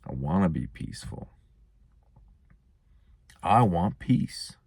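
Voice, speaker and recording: Slow, gravelly, laid-back man. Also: deep voice, big pitch swings, a little mellow, no room sound. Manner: laid-back, rambling, musing. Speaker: host. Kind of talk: casual monologue.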